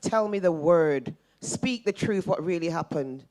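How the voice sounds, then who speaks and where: A woman's voice: on the low side, animated, a little slow. Impassioned middle-aged woman speaking out. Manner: forceful, emphatic, repeats her points. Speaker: audience member. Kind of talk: impassioned public comment.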